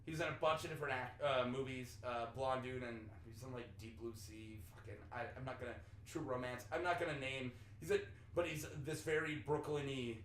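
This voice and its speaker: A man's voice: medium pitch, steady tone, fairly quick, few pauses, fairly bright tone, a little hiss or hum. A man hosting a podcast in an apartment, chatting loosely, swearing freely and acting out the people he quotes. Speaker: podcast host. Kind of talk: casual chat. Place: apartment room. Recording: roomy apartment echo.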